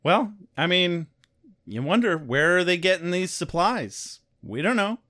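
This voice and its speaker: A man co-hosting a casual recap podcast, his voice sitting a little high and moving through a wide, animated range. He talks in a joking, irreverent way. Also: unhurried. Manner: joking and irreverent, laughs often. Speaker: podcast co-host. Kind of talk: casual chat recapping a TV episode.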